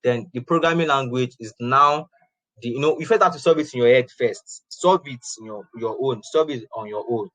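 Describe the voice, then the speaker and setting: A man's voice: mid-range voice, normal speed, fairly bright tone, no room sound, poor audio. A man giving an informal programming lesson, chatty, often repeating and restarting his phrases. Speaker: programming instructor. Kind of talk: informal classroom lecture.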